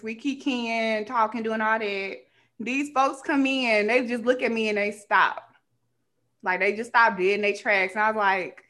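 Bright-voiced young woman ranting animatedly. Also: a little high. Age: young adult. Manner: animated, colloquial, acts out dialogue. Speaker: podcast host. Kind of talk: casual rant storytelling.

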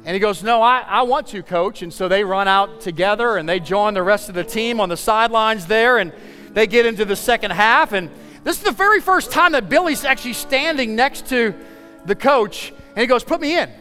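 High, clear-voiced preacher in a reverberant hall. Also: male voice, fairly quick, faint music behind. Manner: animated storytelling with acted dialogue. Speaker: pastor. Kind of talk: sermon storytelling.

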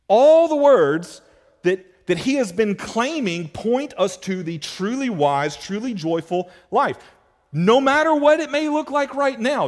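Male pastor, fairly high voice, emphatic sermon delivery that drops to a hush, long hall reverb. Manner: emphatic, repetitive, rhetorical questions, swings between loud and hushed. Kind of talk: expository sermon.

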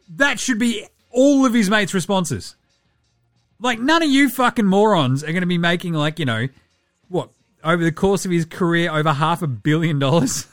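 A man's voice: on the high side, animated, moderate pace, a bit bright, dry recording, studio quality, soft background music. A man hosting a casual sports podcast, brash, profane and jokey. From Australia. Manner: brash, profane, jokey, puts on voices for quotes. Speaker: podcast host.

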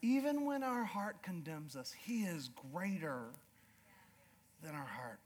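A high-pitched man preaching a church sermon. He moves between quiet, hushed storytelling and loud, fervent declarations, often stumbling over repeated words as he restarts. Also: lively intonation, slow pace, a little hiss or hum. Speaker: pastor.

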